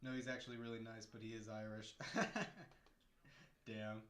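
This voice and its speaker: A man's voice: fairly low pitch, flat delivery, unhurried, fairly bright tone. Casual man commentating in an echoey room. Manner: chatty, jokey, reads chat aloud. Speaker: live-stream host. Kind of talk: casual live-stream commentary. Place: home room.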